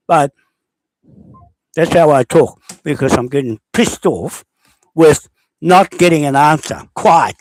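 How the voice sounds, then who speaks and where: A man's voice: a little high, expressive, measured pace, no room sound. A man from New Zealand with a New Zealand accent, leaving a rambling, indignant spoken message as a self-described landowner, repeatedly asking "okay?". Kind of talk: recorded spoken message, unscripted rant.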